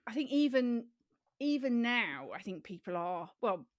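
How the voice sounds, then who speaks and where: A woman's voice: on the high side, big pitch swings, measured pace, dry recording. A woman co-hosts a podcast, her voice swooping up and down as she banters in easy, colloquial talk. The recording is close and dry. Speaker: podcast co-host. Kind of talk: casual chat.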